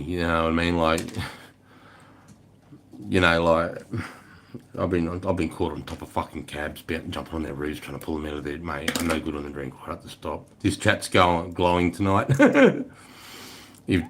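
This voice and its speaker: A man with a low, heavy Australian voice talks straight to his live chat, meandering through a story and cursing freely. Faint hiss sits under his relaxed, rough-edged delivery. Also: normal speed. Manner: profane, rambling, swears constantly. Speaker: livestreamer.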